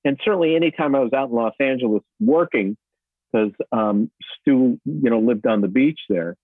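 A man's voice: medium pitch, normal speed, no echo. A man talks casually as an interview guest, wandering through his memories with plenty of fillers and false starts. His voice comes through a thin, phone-like line. The sound is dry and close, with no room around it. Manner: rambling, many fillers and restarts. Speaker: actor guest.

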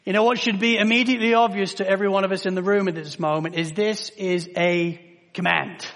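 An English man preaching a sermon to a congregation, emphatic, slowing down to stress words and rising in volume at key points. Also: sits high, steady tone, a bit bright. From England. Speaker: pastor. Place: church hall with long reverb. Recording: reverberant church hall.

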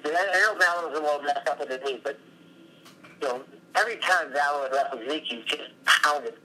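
Bright-voiced man telling a rambling story. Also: a little high, a little fast, slight background noise, low-quality recording. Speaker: former wrestler, coach. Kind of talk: storytelling interview guest. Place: his office.

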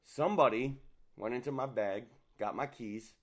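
A man's voice: medium pitch, normal speed. A man hosting a casual podcast chat, rambling along with many fillers. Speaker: host.

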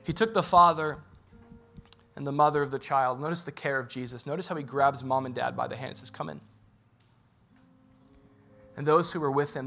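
A man's voice: fairly high pitch, a bit bright. A male pastor preaching a sermon in a casual, joking storytelling way, acting out the people in the story.

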